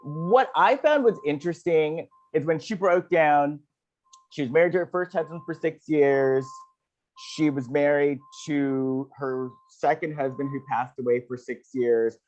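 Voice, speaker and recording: A man co-hosting a casual book podcast. He answers in short affirmations and cuts in with quick points, and his audio sounds muffled and lo-fi. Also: a little high, a little mellow. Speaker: podcast co-host.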